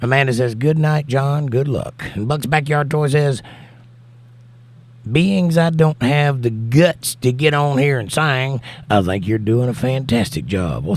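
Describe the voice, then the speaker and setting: A man with a Southern US accent, hosting a casual livestream and reading chat messages aloud. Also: medium pitch. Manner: reads chat messages aloud and answers them warmly. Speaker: livestream host and singer. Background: guitar playing.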